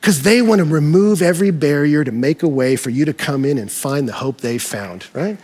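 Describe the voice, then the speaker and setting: A pastor preaching a sermon to his congregation, his husky voice swinging between high, shouted peaks and quiet, low asides. He sits fairly high for a man and keeps his delivery animated and lively throughout. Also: a little fast. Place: church service in a hall.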